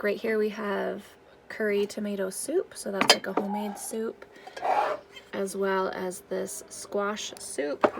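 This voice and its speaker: A chatty woman in her thirties talks through her pantry shelves in a casual, practical way, her voice carrying a gravelly, creaky edge. She walks around her home with the camera, and a faint hiss sits under her words. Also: medium pitch. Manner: chatty and practical, thinking aloud with many fillers. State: out of breath after the stairs. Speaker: homemaking vlogger. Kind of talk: casual walk-through vlog. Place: home basement storage and pantry.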